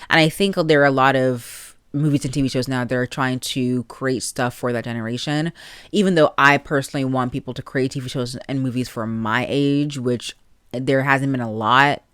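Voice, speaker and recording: A woman's voice: extremely low pitch, steady tone, normal speed, a bit bright, clear, resonant tone, no room sound, studio quality. A young adult woman hosting a solo podcast, rambling casually with lots of fillers. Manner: rambling, chatty, with frequent likes and laughs. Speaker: podcast host. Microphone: plugged-in podcast mic.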